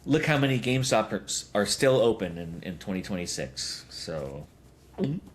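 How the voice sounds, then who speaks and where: A man's voice: lowish voice, sing-song, normal speed, noisy background. A man in his thirties hosting a podcast, telling rambling stories full of fillers and chuckles. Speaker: podcast host. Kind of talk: casual podcast chat.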